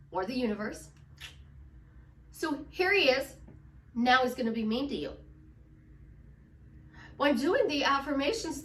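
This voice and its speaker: A woman's voice: high-pitched, fairly bright tone, roomy sound, far from the mic. A woman life coach talking emphatically and acting out her clients' doubts in quoted voices. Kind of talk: casual motivational talk.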